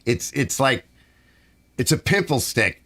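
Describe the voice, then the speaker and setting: Middle-aged male stream host, grumbly and animated, very lively pitch. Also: slow pace, no echo. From United States. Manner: grumbling, animated, reads chat aloud. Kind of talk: rambling live stream chat.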